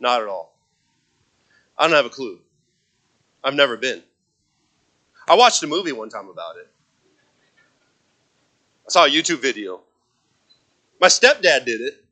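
A man preaching a sermon as pastor, telling a story with many restarts and fillers and acting out shouted voices. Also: mid-range voice, very animated, a little slow, pauses often, poor audio. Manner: acts out shouted voices in his stories. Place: church.

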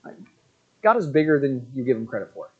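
A man's voice: medium pitch, big pitch swings, a little fast, breathy edge, narrow, tinny audio. A man in his thirties giving a casual, rambling sermon, full of fillers and joking asides. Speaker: pastor.

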